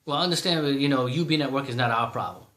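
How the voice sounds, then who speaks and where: A man mimicking a curt, dismissive male bank phone representative with a flat, sarcastic manner. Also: mid-range voice, rapid-fire, roomy sound, close to an everyday voice.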